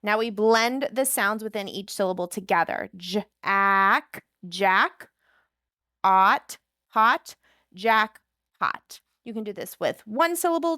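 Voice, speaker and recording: A woman teacher modeling a spelling lesson, slowly and deliberately sounding out each sound for students. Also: fairly high pitch, no echo, clean studio sound. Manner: slow, deliberate, sounding out phonemes.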